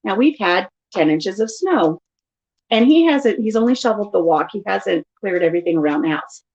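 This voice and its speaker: A woman's voice: mid-range voice, moderate pace. Chatty middle-aged woman, dull lo-fi sound. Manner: chatty, animated storytelling. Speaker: vlogger. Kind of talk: casual live chat storytelling. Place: at home.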